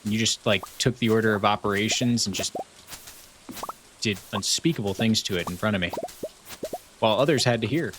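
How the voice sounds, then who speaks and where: A man's voice: lowish voice, a little fast, long pauses, music in the background. A man streaming live, bantering with his chat in a playful, mock-serious way.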